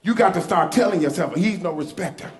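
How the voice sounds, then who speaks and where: A male pastor preaching a sermon, leading the congregation in call-and-response and building to shouts. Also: sits high, fairly quick. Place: church sanctuary. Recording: echoey church hall with music.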